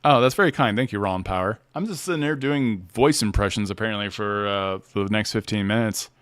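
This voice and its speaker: A man's voice: fairly low pitch, fairly quick, a bit bright, clean tone, dry recording. A man hosting a casual livestream chat who talks playfully and laughs often. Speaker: host.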